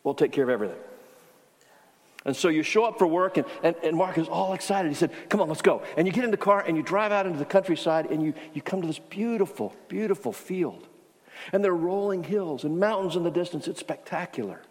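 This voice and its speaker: Pastor guy preaching, chatty storytelling, stumbles and restarts, voice sits a bit high, long hall echo. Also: quick pace. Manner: conversational storytelling, frequent restarts. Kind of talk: sermon. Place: church sanctuary.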